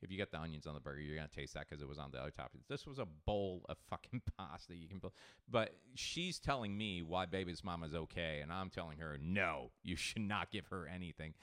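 A man hosting a podcast in casual chat. He is an animated storyteller who swears freely and acts out what people said. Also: low voice, clean tone. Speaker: podcast host.

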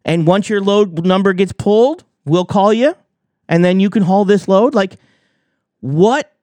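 A man's voice: sits high, a little slow, mellow, no room sound. A man giving heated commentary on trucking, arguing with rhetorical questions. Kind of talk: reaction commentary.

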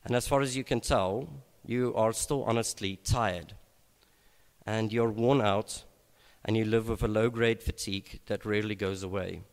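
Guy preaching a sermon, lowish voice, slow and thoughtful, lots of um and restarts, big hall echo. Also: steady tone. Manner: unhurried, reflective, with frequent hesitations and restarts. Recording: long reverb of a large hall.

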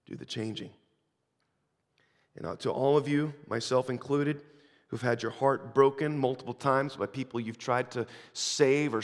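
Preacher with a long hall echo. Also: male voice, mid-range voice. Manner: swings from hushed to fervent. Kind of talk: sermon with storytelling. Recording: long reverb of a large hall.

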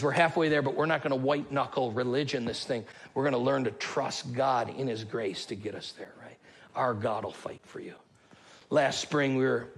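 A man in his forties preaching a sermon as pastor, energetic and calling the congregation to answer back, with humorous storytelling. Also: mid-range voice, slightly rough. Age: 40s. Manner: energetic, calls congregation to respond.

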